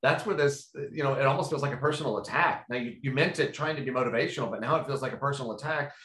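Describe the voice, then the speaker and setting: A man's voice: medium pitch, rapid-fire, fairly bright tone. A man hosting a casual panel discussion, talking in a rambling, conversational way with lots of fillers. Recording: roomy echo.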